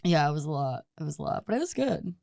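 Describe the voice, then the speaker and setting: A woman's voice: sits low, fast, vocal fry, a little hiss or hum. A woman hosting a casual podcast chat, swearing freely and acting out the people in her stories. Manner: swears freely, acts out quoted people in animated story-telling. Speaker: podcast host.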